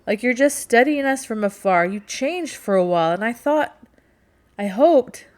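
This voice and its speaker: Woman reading as a gruff guarded sea captain guy, low-ish voice, storybook style. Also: unhurried, darkish tone. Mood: exasperated.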